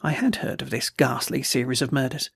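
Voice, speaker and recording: A man reading a classic story aloud as an audiobook narrator, in a measured, literary manner. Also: mid-range voice, fairly even intonation, creaky, slightly rough, no room sound, studio quality.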